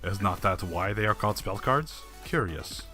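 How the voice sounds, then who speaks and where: A man putting on a forum poster with a clumsy, exaggerated Russian accent, who talks in choppy broken English and drops his articles. The voice sits low. Faint music hums in the background. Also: animated, normal speed, sharp tone. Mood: mock-puzzled. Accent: mock Russian.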